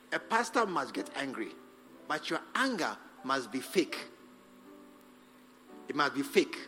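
A man preaching a sermon as pastor, acting out scenes with sudden shouts. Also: on the high side. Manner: animated, acts out scenes, shouts for effect. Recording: long hall reverb with faint music.

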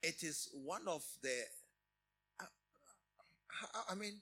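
A middle-aged man preaching a sermon, emphatic, often repeating and restarting phrases with sudden rises in loudness. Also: fairly high pitch, takes it slowly, husky. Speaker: pastor.

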